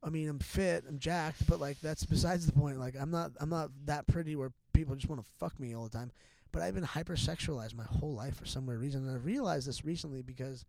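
A man's voice: on the high side, fast talker, gravelly, few pauses, darkish tone, dry recording. A middle-aged man talking as a podcast guest in a candid, casual chat, rambling and profane, with many restarts and fillers.

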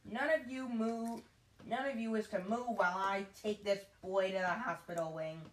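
A woman playing a tough, bossy flying teacher. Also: lowish voice. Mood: stern. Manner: loud, slow, commanding. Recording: roomy, distant mic, faint noise.

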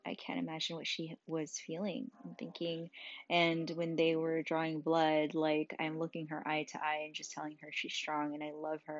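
A tired young mother talking candidly and emotionally, swearing often, speaking quietly as her child sleeps beside her. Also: low-pitched, steady tone, moderate pace, no echo, muffled recording. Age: young adult. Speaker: mother vlogging about her sick child. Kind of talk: casual personal vlog.

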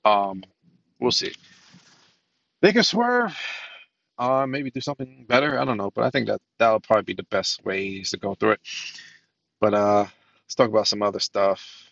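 A man's voice: on the low side, fairly even intonation, moderate pace, vocal fry, a bit bright, no room sound, highs cut off. A man hosting a solo podcast in casual commentary style. He rambles, restarts his sentences, says "um" a lot and swears casually. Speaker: podcast host.

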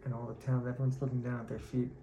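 Gravelly man telling a Torah story. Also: mid-range voice, very fast. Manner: animated storyteller acting out quoted voices. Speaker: Torah teacher. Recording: echoey room, faint background noise.

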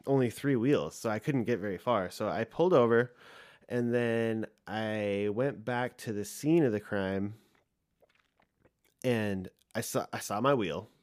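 A young man hosting a podcast, telling a rambling, profane story in a casual rant full of fillers. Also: on the low side. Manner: profane, rambling, fast, heavy use of "like". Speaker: podcast host.

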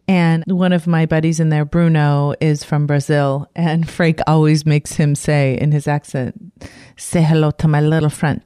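A woman talks alone to her listeners in a relaxed, chatty way, often laughing. Her voice sits low. The sound is close and dry, with no room echo. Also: smooth. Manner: warm, chatty, laughs easily. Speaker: podcast host and life coach. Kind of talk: casual solo podcast talk.

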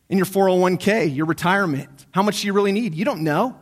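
Male pastor with a high voice, preaching in church; drops to near-whispered reflection, then climbs to urgent, repeated exhortations. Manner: swings between hushed, slow reflection and raised, urgent exhortation; repeats key phrases for emphasis. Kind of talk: sermon.

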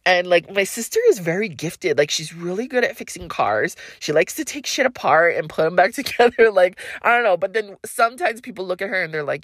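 Solo podcast host, young woman, lowish voice, lively swooping delivery, rambling and swearing freely, dry close mic. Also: a little fast, no echo. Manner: rambling, profane, loose and chatty. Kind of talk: casual solo podcast storytelling.

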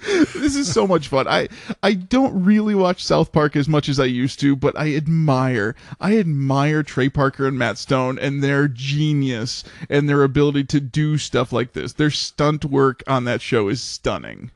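A man's voice: mid-range voice, lively intonation, no room sound, clean studio sound. A man co-hosting a podcast, chatting casually and laughing often as he jokes. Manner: laughs often, quick and playful. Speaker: podcast co-host. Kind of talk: casual chat.

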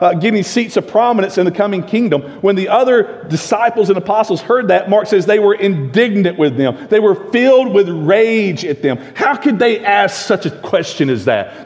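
A male pastor preaching a sermon, emphatic, full of rhetorical questions, swinging between loud and hushed. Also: high voice. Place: church sanctuary. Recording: long reverb of a church sanctuary.

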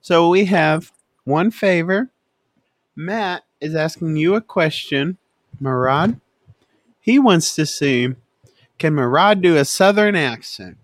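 High-voiced guy hosting a podcast, slow and bouncy, dry close sound. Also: dry recording. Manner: laughing, loose and animated. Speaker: podcast host. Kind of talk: casual chat.

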